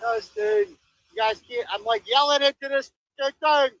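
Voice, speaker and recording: A loud, profane man streams casually and talks in a bright, sharp voice. His pitch swings wildly and sits high for a man. The sound is dry and close. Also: very animated, unhurried, vocal fry, no room sound, low-quality recording. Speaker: streamer in a played clip. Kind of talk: casual livestream talk.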